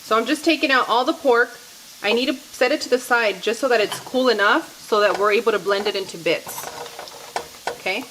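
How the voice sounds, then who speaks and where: A chatty woman walks viewers through a recipe in her home kitchen, giggling now and then. Her pitch is mid-range, and faint sizzling sits under her voice. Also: brisk, a bit bright, slight background noise. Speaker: cooking show host. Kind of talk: casual cooking demonstration. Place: home kitchen with frying food.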